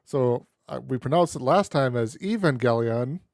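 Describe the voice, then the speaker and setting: A man's voice: mid-range voice, animated, moderate pace, no echo. An easygoing man hosts a casual podcast chat, laughing often as he talks. His voice sits in a middle register and is recorded close and dry, with little room sound. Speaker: podcast host.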